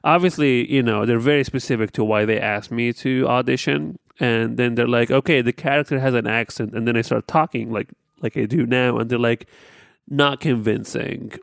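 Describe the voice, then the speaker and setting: A man's voice: medium pitch, fairly quick, vocal fry, few pauses, clear, resonant tone, dry recording, studio quality. A man in his thirties whose first language is not English, chatting casually as a podcast co-host. He talks in loose restarts and often opens with "I'll say this.". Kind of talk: casual chat.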